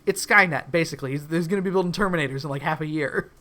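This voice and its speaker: A man's voice: a little high, racing, sharp tone. A man co-hosting a podcast, recapping a cartoon episode in casual, wry chat that often breaks into chuckles. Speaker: podcast co-host.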